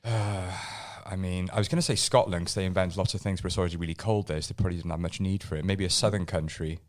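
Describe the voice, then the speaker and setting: Man, forties, very deep low voice, relaxed podcast guest who restarts his sentences often. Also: fast. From Wales. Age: 40s. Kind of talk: casual podcast interview.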